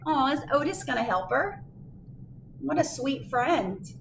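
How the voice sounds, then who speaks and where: A woman's voice: high-pitched, big pitch swings, unhurried, gravelly, noisy background. A woman librarian reading a picture book aloud at children's storytime, sing-song and asking the children questions.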